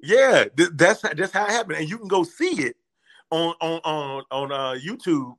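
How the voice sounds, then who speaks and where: A man's voice: a little high, moderate pace. A man, telling a story in casual chat and acting out the voices in his quotes. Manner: animated, acts out voices in quotes. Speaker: comedian guest telling a story.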